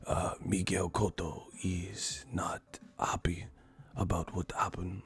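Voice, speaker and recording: A man doing a whispered role-play of a soft-spoken, emotionless male boxer in a slow, hushed, halting mumble. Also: low-pitched, fairly even intonation, slightly rough, voice pushed down, full character voice.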